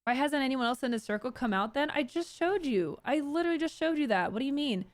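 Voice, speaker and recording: High-voiced chatty woman streamer. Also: animated, fast talker, no echo. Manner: chatty, talks straight to her chat; stumbles and restarts words. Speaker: streamer commenting on news. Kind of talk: casual live-stream commentary.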